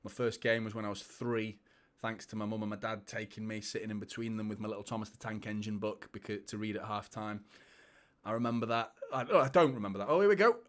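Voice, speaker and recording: A man's voice: lowish voice, fast talker. A man, hosting a live football watchalong, chatting casually and laughing as he reads viewer comments. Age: 30s.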